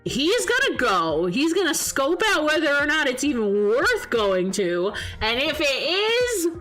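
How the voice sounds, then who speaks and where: A woman VTuber streamer chatting casually, animated and tipsy, gushing like a fangirl and swearing freely. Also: high voice. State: tired and a little tipsy.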